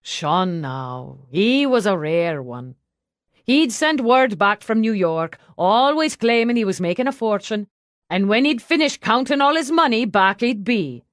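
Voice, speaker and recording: A man's voice: sits high, big pitch swings, unhurried, fairly bright tone, clean tone, dry recording, studio quality, heavily acted. A woman voicing a roaring pub owner. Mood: wistful. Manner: roaring, hearty, teasing. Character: boisterous burly Irish pub owner man. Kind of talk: audiobook character voice.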